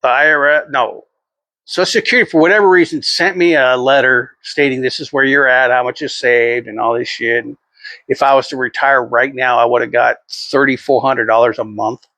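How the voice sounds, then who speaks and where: A man's voice: mid-range voice, steady tone, a little fast, bright, forceful tone, no room sound. A middle-aged man rambling through a casual vlog monologue, swearing freely and chuckling often. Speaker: vlogger.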